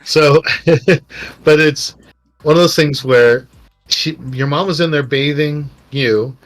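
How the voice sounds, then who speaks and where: A middle-aged man, a podcast co-host, telling personal stories in a rambling, animated way and acting out quotes. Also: fairly high pitch, takes it slowly. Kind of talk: casual storytelling chat. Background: faint background music.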